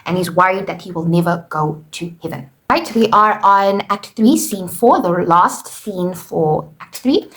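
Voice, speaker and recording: Woman, teacher, casual lesson recap, conversational, frequent "okay" and "you know", mid-pitched voice. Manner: chatty, explains with paraphrased quotes, frequent "okay" and "you know".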